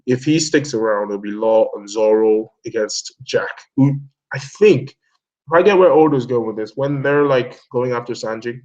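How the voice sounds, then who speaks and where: A young man in casual chat about comic chapters, excitable and swearing, laughing often as he quotes characters. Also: medium pitch, normal speed, low-quality recording. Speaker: manga discussion host.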